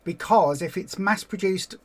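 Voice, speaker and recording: A man's voice: high voice, a little slow. Chatty man hosting a live stream. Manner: chatty, reads viewer comments aloud, jokey asides. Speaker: weight loss support group host. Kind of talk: casual live-stream chat.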